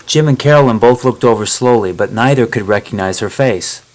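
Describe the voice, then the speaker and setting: Guy reading a storybook chapter, steady plain narration. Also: mid-range voice, brisk.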